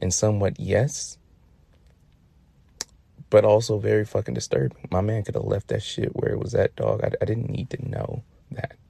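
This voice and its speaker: A man's voice: on the low side, little pitch movement, moderate pace, gravelly, mellow, husky, no room sound. A man telling funny stories casually, profane and slangy, laid-back with lots of fillers. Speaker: storyteller. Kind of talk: casual comic storytelling.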